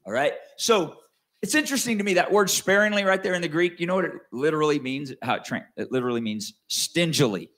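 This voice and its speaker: A man preaching a sermon in a conversational way, slowing down and rising to stress key words, then dropping low for asides. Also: animated. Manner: conversational with wide swings in pitch and loudness, slows to stress key words. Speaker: pastor.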